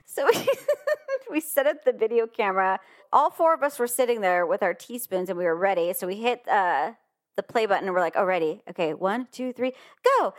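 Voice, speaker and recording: A woman's voice: medium pitch, lively intonation, fairly quick. A middle-aged woman co-hosting a podcast, telling a story in casual chat, laughing often and acting out her own lines. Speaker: podcast co-host.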